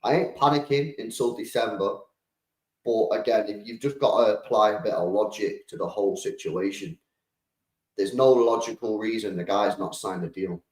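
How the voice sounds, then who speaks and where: A young British man hosting a live stream, reacting to football news and chatting with viewers in an animated, slangy way. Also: on the low side, normal speed, rough recording. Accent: British English. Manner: slangy, animated, talks to the chat. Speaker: streamer host.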